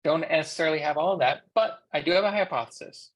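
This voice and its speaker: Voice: medium pitch, fast. An interpreter with an American accent voicing a sign language instructor in a class lecture, in a conversational teaching manner with rhetorical questions to the class.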